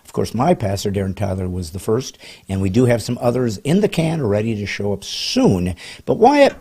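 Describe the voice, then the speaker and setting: A man hosts a casual comedy podcast and rambles through playful wordplay. His voice sits low and warm with a husky edge, and his pitch swings widely as he clowns around. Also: expressive, brisk. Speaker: podcast host.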